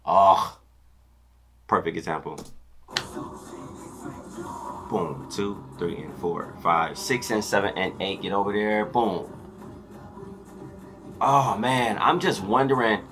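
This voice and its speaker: A young man reacts to a dance routine, counting beats and scatting the rhythms as he goes. His voice sits on the low side and turns loud and excitable. Faint music plays underneath. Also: slow pace, long pauses. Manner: hyped, counts beats and scats rhythms aloud. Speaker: dance teacher reacting to choreography.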